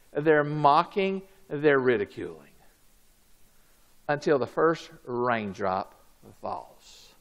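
A man preaching a sermon, swinging from loud, high outbursts down to low, quiet lines.

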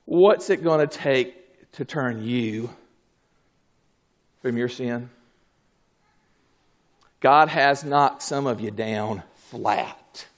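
A man preaching a fervent sermon, swinging from low murmurs to shouted exclamations. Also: extremely slow, pauses often.

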